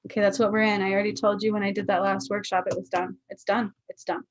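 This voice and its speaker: A woman's voice: mid-range voice, level tone, fast, highs cut off. A woman giving a casual livestream card reading, earnest, often checking in with her viewers. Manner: earnest, keeps checking in with "okay?". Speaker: spiritual card reader.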